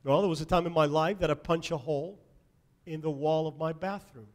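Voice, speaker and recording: A man preaching a Sunday sermon as pastor, emphatic, swinging between loud declarations and soft asides. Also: fairly high pitch, steady tone, brisk. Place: church sanctuary.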